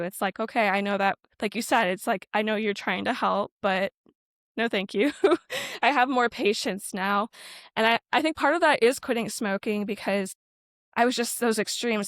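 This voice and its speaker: A woman's voice: medium pitch, a bit bright, no echo. A young adult woman talks earnestly and reflectively as a podcast guest, her voice sitting in a middle register. She laughs lightly and leans on fillers as she thinks aloud. The sound is close and dry. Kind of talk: candid interview talk.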